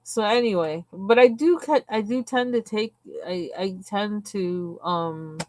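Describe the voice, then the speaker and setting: A woman's voice: medium pitch, unhurried, no echo. A woman hosting a live stream, chatting casually and rambling from one tangent to the next while she colors. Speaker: livestream host.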